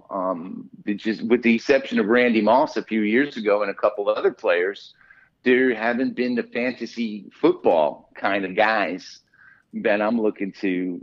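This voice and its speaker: A man who is a guest on a podcast, telling stories in lively casual chat with plenty of swearing. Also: on the low side, a little slow, muffled recording. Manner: animated, profane storyteller.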